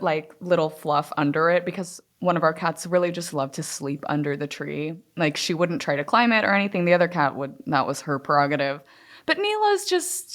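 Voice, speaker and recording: Chatty upbeat woman, lowish voice. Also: fairly bright tone. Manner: chatty, upbeat, lots of fillers. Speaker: podcast co-host. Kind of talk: casual chat.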